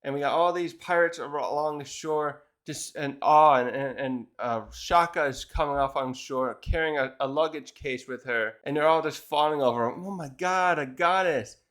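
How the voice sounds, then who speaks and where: A man's voice: on the high side, normal speed, few pauses, a bit bright. A man casually reviewing a manga chapter, retelling it in a rambling way with many restarts.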